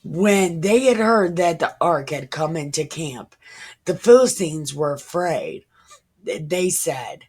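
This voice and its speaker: A woman's voice: sits low, lively intonation, slow pace, a little mellow, slightly rough. A woman in her thirties reading the Bible aloud and musing over it in a casual, irreverent way. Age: 30s. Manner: musing, irreverent, slips into whispers. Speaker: Bible reader.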